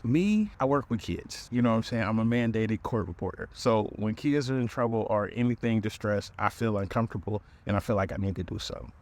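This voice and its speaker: Man telling a funny dating story. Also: mid-range voice. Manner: animated storyteller, talks right to listeners. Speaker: podcast host. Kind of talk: comedic dating story time.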